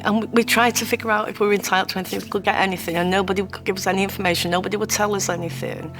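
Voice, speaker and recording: A woman telling her own story in a heartfelt, halting way. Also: mid-range voice, steady tone, music in the background. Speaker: interviewee sharing her story. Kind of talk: personal testimony.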